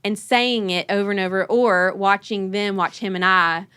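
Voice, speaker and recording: A woman, hosting a podcast and telling an animated story, laughing and acting out her kids' voices. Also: mid-range voice, moderate pace, clean tone, no room sound. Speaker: podcast host. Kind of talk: casual conversational storytelling.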